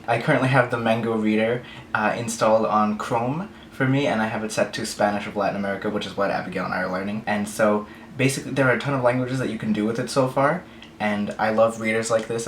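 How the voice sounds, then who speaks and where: Man, low voice, careful overpronounced speech, sore mouth, casual vlog, roomy echo. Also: slight background noise. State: sore mouth after dental surgery. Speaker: language-learning vlogger. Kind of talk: casual talk to camera.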